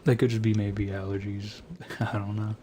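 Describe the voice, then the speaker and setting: A man's voice: fairly low pitch, flat delivery, normal speed, warm tone, a little hiss or hum. A man with a nasal voice chatting casually as a streamer, rambling, swearing a lot and laughing at himself. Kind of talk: casual late-night rambling chat.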